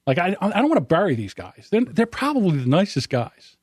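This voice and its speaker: A fifty-something man hosts a podcast and chats casually with his co-host. He tells stories with animation and acts out what others said. His voice sits a little high and sounds close and dry. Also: sing-song, brisk, darkish tone, slightly rough, no room sound. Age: 50s.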